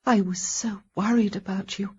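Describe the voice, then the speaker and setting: A woman's voice: mid-range voice, fairly even intonation, moderate pace, darkish tone, slightly rough, muffled recording, voice pushed up. A woman narrating an audiobook, voicing a caring young lady who sits at a sickbed, speaking earnestly and a little fretfully. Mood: worried. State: sleepy.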